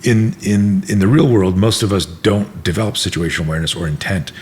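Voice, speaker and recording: A middle-aged man with a very low, deep voice spins a story in a relaxed interview, jumping into other people's voices and swearing freely. A faint room hum sits behind him. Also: brisk. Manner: animated storyteller, acts out quotes, swears freely. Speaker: self-defense instructor, podcast guest.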